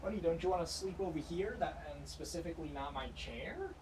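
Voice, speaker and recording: A man's voice: on the high side, expressive, fairly quick, noisy background. A man casually chatting to his viewers while playing a game on a livestream, rambling with jokey asides. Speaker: streamer. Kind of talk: casual gaming livestream chat.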